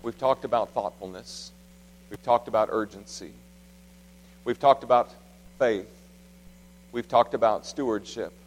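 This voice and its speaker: A man in his thirties preaching a sermon in a church, swinging from loud, emphatic exhortation to soft, hushed storytelling. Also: on the low side, measured pace, pauses often. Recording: long reverb of a large hall.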